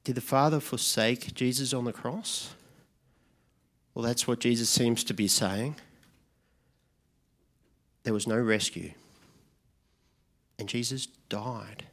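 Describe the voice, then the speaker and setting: A man's voice: mid-range voice, steady tone, takes it slowly, long pauses. Man preaching a conversational sermon. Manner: conversational preaching, drops to a hushed, quiet voice for reflective questions. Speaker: pastor.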